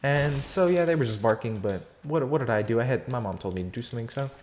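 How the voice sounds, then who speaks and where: A man's voice: mid-range voice, animated, fast talker, a little mellow, slight background noise. A fourteen-year-old boy telling a story in a casual vlog, rambling with lots of fillers, slang and restarts. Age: teenager, fourteen.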